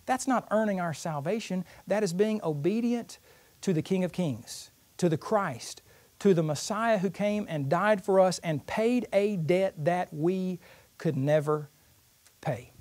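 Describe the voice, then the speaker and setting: A man's voice: sits high, a little slow, a little mellow. A man teaching a Bible lesson in an earnest, explanatory way, using everyday analogies. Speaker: preacher.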